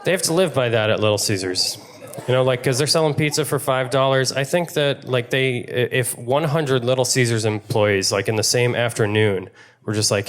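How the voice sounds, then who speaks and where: A young man from Pittsburgh doing a stand-up comedy set, wry and deadpan. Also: mid-range voice, normal speed. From Pittsburgh, USA.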